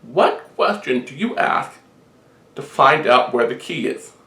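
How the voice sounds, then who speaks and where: A man's voice: mid-range voice, very animated, unhurried, fairly bright tone, far from the mic. A man doing a scheming medieval king. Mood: stern. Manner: storyteller quoting a character. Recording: roomy echo.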